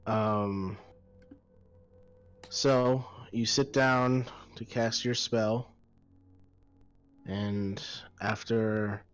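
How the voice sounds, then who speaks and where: A man narrating as game master of a tabletop game, pausing often and filling gaps with "uh" and "like" as he describes the scene. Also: lowish voice, fairly even intonation, clear, resonant tone, low-quality recording. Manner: hesitant, full of pauses and fillers. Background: faint background music.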